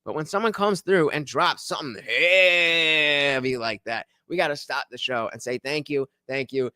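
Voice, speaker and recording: A man hosting a live stream, reacting to a clip and excitedly thanking donors, sometimes breaking into shouts. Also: medium pitch, no room sound. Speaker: livestream reaction host. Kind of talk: casual live-stream chat.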